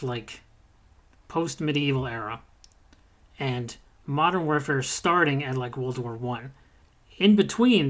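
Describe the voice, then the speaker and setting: A man's voice: on the high side, a bit bright. A man co-hosting a casual gaming podcast, giving blunt, profane opinions with bursts of energy. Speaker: podcast co-host.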